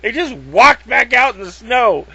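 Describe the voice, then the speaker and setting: A man's voice: very high-pitched, big pitch swings, unhurried, gravelly, bright, forceful tone, slightly rough, no echo, dull audio. A man ranting casually to camera in a rambling, profane way, full of fillers and acted-out quotes. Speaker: video blogger.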